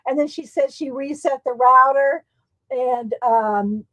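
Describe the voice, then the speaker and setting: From a desktop USB mic at home, a woman hosts a casual livestream, chatting, laughing often, and greeting viewers by name. Her voice sits high and she speaks slowly with a bright, forceful tone. The recording has no echo but sounds rough.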